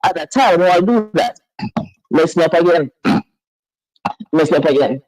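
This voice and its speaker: A woman calling into a talk show, talking in an earnest, halting way that repeats and restarts phrases. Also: on the low side, a little mellow, low-quality recording. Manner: emotional, earnest. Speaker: caller. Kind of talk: phone-in chat.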